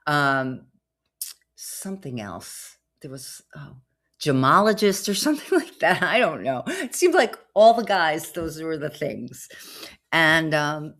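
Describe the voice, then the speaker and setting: A woman's voice: low voice, very animated, takes it slowly, fairly bright tone. A middle-aged woman hosting a podcast, telling a rambling personal story in a chatty way full of asides and fillers. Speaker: podcast host. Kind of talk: casual storytelling monologue.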